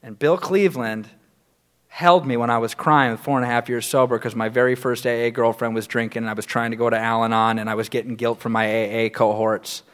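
A man sharing his recovery story as a sponsor, telling it candidly, acting out quotes and laughing through dark moments. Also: mid-range voice, fairly even intonation, a little fast.

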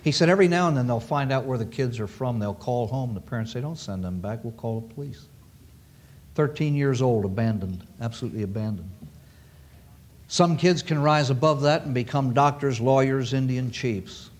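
A man's voice: mid-range voice, normal speed, darkish tone. A man preaching a sermon to an audience, emphatic and repeating key phrases for weight.

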